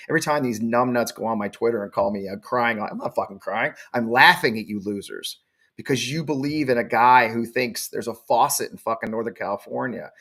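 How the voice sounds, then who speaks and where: Male host in his forties, middle pitch; blunt, defiant, swears freely. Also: fairly bright tone. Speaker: show host. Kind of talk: live show monologue.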